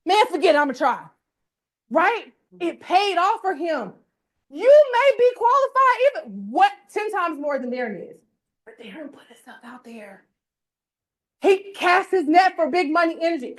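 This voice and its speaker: A woman leading a motivational workshop, pumping up a live audience with colloquial call-and-response. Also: extremely high pitch. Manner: colloquial, uses "y'all". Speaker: workshop speaker. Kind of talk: energetic motivational workshop talk.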